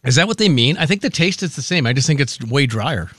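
A man's voice: medium pitch, expressive, a bit bright, no room sound. A man co-hosting a radio show, chatting and teasing in casual studio banter. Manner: playful, teasing, quick to laugh.

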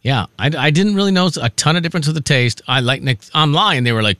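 A man's voice: a little high, sharp tone, clear, resonant tone, no room sound. A man co-hosting a radio show, chatting and teasing in casual studio banter. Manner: playful, teasing, quick to laugh.

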